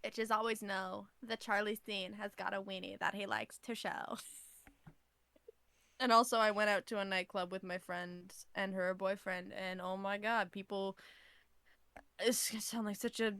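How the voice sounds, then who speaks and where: A woman's voice: mid-range voice, fairly even intonation, moderate pace, pushed and bright, no room sound. A young woman co-hosting a podcast in casual chat, swearing, laughing and mocking herself. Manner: swearing, laughing, jokey self-mockery. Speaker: podcast co-host.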